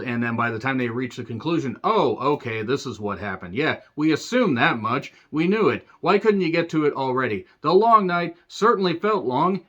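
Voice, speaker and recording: A man's voice: medium pitch, fairly bright tone, muffled recording. A man giving a sarcastic, profane movie review rant, full of rambling asides.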